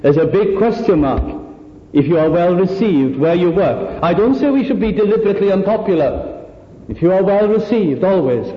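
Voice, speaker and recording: A man preaching a sermon, earnest and full of rhetorical questions, pausing to act out the people he quotes. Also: on the high side. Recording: echoey hall, dull lo-fi sound.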